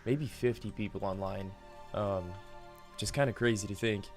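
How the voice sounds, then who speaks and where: A man streaming a game, chatting casually to viewers, relaxed and laughing often, calling people "dude" and "man". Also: fairly low pitch, normal speed. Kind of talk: casual live-stream chat. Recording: game music underneath. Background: game music.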